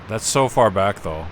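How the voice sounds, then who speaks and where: A man's voice: low-pitched, slight background noise. A man giving casual live commentary while playing a video game, chatty and self-deprecating, laughing often at his own mistakes. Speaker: game streamer.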